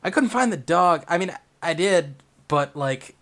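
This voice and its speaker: A man's voice: a little high, expressive, a little slow, a bit bright, voice pushed up. A man voicing an injured, reluctant man who speaks casually in a tabletop game.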